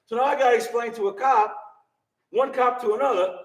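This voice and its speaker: Man, high voice, very lively, storytelling to a live crowd, off-mic, roomy sound. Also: brisk, distant mic. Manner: animated, laughing storyteller, acts out voices. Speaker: guest telling a ghost story. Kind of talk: animated storytelling to a live audience. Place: small shop with live audience.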